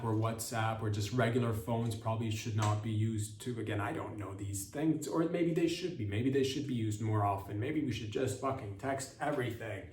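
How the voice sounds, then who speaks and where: A man's voice: mid-range voice, dark tone, a little hiss or hum. A young man hosting a comedy podcast, rambling through a sarcastic monologue and trailing off mid-thought. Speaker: podcast host. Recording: roomy sound, mic at a distance.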